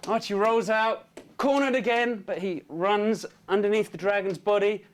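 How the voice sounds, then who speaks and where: A man pitching a storyboard, narrating action lively with sound effects and character voices. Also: normal speed, smooth. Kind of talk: storyboard pitch, acting out scenes.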